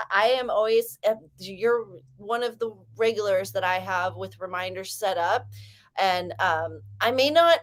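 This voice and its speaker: A young woman from San Diego chatting casually with live viewers during a writing sprint stream, rambling and reading out comments. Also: fairly high pitch. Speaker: livestream host.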